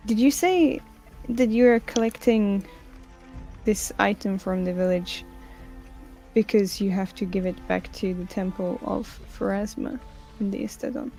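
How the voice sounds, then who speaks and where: A woman's voice: mid-range voice, unhurried, dark tone, soft background music, low-quality recording. A woman playing a tabletop game, chatty and playful. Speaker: player. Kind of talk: casual tabletop chat.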